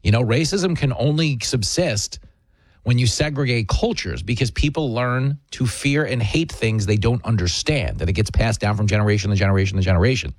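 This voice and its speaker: A male talk radio host delivers an opinionated monologue with emphatic, sarcastic punches. His voice sits at an ordinary pitch, and it sounds dry and close to the mic. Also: a little fast, dry recording.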